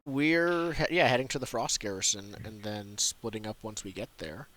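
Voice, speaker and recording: A man playing a tabletop role-playing game, asking quick, inquisitive questions about the game world. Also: fairly low pitch, fairly bright tone, low-quality recording. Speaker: player.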